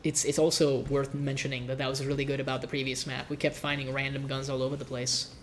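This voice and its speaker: A man talks through a live game in a stuffed-up, nasal voice, rambling casually and poking fun at himself. His pitch sits mid-range for a man. A steady hiss of background noise runs under the recording. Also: fast talker. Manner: casual, rambling, self-mocking. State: congested, coughing. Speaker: streamer. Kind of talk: live gameplay commentary.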